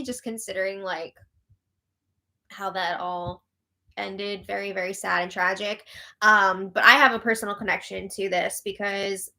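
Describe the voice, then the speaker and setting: A woman with a sharp, bright voice sits slightly high for her sex and runs a live update stream. She chats casually, gossips animatedly and breaks into laughter often. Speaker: co-host of a live reality TV update show.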